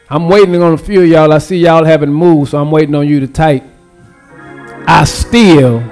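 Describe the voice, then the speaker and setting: A man's voice: a little high, darkish tone. A man preaching a livestreamed sermon, drawing the congregation into call and response and repeating his phrases. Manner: slow, drawn-out delivery. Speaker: pastor.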